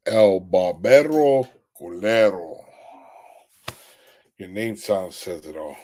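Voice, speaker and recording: A young man hosting a late-night live stream, worn out and ready for bed. His voice sits a little low as he trades crude, mocking jokes and reads out comments from his viewers. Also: slow, pauses often, a little mellow. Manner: crude, mocking trash talk, often laughing. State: tired. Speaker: livestream host. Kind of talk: casual livestream chat.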